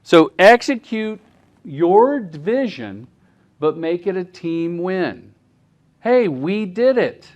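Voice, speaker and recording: A middle-aged man, a commercial director, giving a live workshop talk as an animated storyteller. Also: high voice, slow pace, lo-fi sound. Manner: animated storyteller who acts out quotes.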